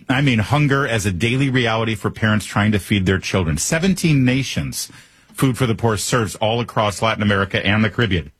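A man's voice: fairly low pitch, expressive, fairly quick, fairly bright tone, slightly rough. A man hosting a political talk show, delivering a monologue with sarcastic asides.

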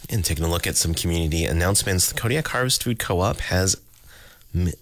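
A man hosting a local radio show, reading the weather and tides in a relaxed, chatty way. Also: low-pitched, a little fast, no echo, clean studio sound. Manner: relaxed, chatty, reads figures with asides. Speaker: radio host. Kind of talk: casual radio announcing.

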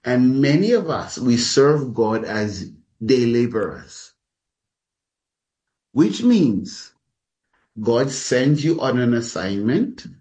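A man preaching a sermon as a pastor, speaking deliberately and calling his listeners beloved. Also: medium pitch, big pitch swings, a little mellow.

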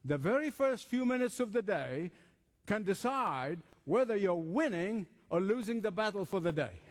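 Emphatic preacher with a high, lively voice. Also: male voice, moderate pace, in a large hall. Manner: emphatic, repetitive, conversational preaching. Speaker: pastor. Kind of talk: sermon.

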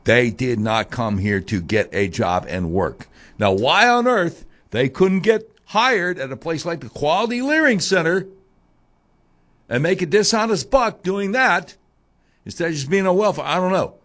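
A man hosting talk radio, delivering a monologue that swings from a low grumble to high mocking tones. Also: big pitch swings, unhurried, fairly bright tone.

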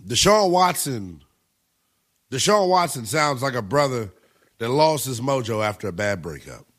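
A man's voice: medium pitch, big pitch swings, measured pace, a bit bright. A man hosting a sports talk radio show, giving brash, emphatic opinions and taking calls.

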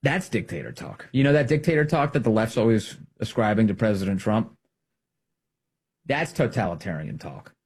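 A middle-aged man delivering an emphatic, combative political commentary monologue, swinging between loud emphasis and hushed asides. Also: fairly low pitch, very animated, moderate pace, husky.

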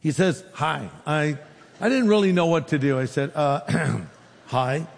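A man pastor preaching a sermon, telling a story with lively quoted dialogue. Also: a little high, normal speed, in a large hall.

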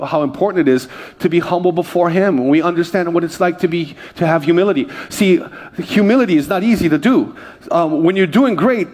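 A man's voice: a little high, a little mellow. A male pastor preaching a conversational sermon, mixing humor and personal stories and calling out to the congregation. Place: church service.

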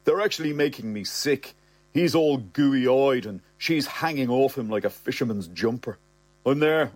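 A man's voice: mid-range voice, animated, unhurried, darkish tone, no echo. A young man reading a comic story aloud in the first person, cocky and sardonic, full of wisecracks. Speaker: narrator.

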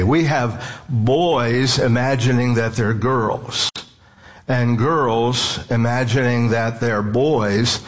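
Slow, measured male preacher. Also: medium pitch. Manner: measured, earnest preaching with slow emphatic phrasing. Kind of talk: sermon.

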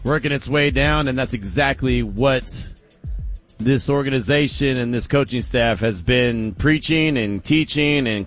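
A man's voice: medium pitch, a bit bright. A man hosting a sports radio show, upbeat and talking up his callers.

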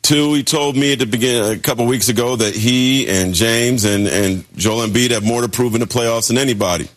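A male basketball writer talks through his analysis in conversation, counting off his points one by one. His delivery is animated and his voice sits at an ordinary pitch for a man. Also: fairly quick.

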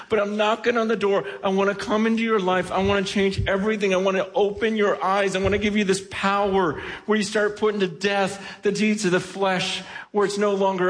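A man's voice: sits high, flat delivery, moderate pace, hardly any pauses, a bit bright. A man preaching a sermon in a church, passionately acting out the voices he quotes. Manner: impassioned, acts out quoted voices. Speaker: pastor.

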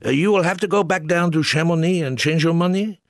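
An Australian man voicing a grim, rude ticket official with a gruff, clipped delivery. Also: fairly high pitch, fairly quick, no echo, studio quality, voice pushed up, natural voice. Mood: curt.

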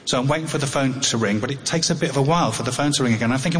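A middle-aged English man telling a personal story live, halting and wry, with frequent restarts. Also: medium pitch. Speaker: storyteller on tour. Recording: long hall reverb, faint noise.

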